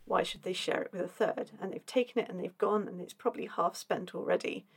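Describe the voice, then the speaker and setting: A woman's voice: fairly low pitch, fairly even intonation, brisk, creaky, breathy edge. A woman voicing a crafty, defiant old village woman. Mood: taunting. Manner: taunting and crafty.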